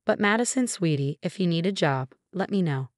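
A woman voicing a gentle, sincere older father-in-law in a narrated story. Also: fairly low pitch, animated, normal speed, no echo, studio quality, lightly acted. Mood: kind. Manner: warm, sincere.

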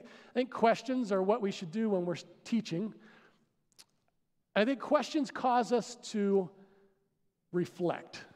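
A man preaching a sermon as pastor, animated and putting questions to his listeners. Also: high-pitched. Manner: animated, asks the crowd questions. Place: church sanctuary. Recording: long hall reverb.

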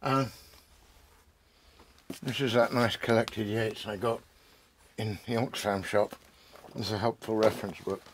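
A man's voice: on the low side, fairly even intonation, measured pace, pauses often, slight background noise. A man hosting a casual, rambling talk about poetry at home among his bookshelves, with many fillers and restarts. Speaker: poet and host.

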